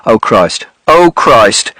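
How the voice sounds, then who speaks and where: A man reading an audiobook, voicing an angry commuter who swears and shouts at a boy on the tracks. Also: medium pitch, sing-song, slow, no echo, voice pushed down, full character voice. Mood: angry, exasperated. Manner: curses, shouts, exasperated.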